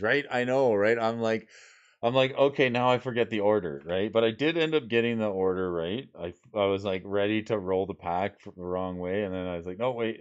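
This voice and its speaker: A man's voice: fairly low pitch, clean tone, dull audio. A man streaming casually, reading card names and rules aloud and chatting with his viewers. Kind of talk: casual livestream chat while sorting cards.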